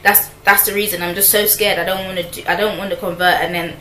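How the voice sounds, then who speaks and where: A woman's voice: fairly low pitch, flat delivery, quick pace, fairly bright tone. Chatty young woman in an echoey room. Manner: chatty, slangy, lots of fillers and asides. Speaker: vlogger. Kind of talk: casual storytelling to camera. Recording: echoey room with faint noise.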